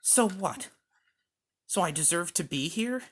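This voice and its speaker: A resentful, defiant patient, as a man voices him talks low and sour, complaining that the world is against him. His voice stays close to an everyday tone. The homemade recording has a faint hiss. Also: animated, unhurried. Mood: indignant. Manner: bitter, resentful, later shouting. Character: bitter, defiant male mental patient. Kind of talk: amateur one-man reenactment.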